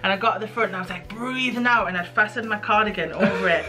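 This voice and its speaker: A woman's voice: mid-range voice, fast, sharp tone. A young British woman telling a candid, self-mocking story in a casual chat. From United Kingdom. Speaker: guest.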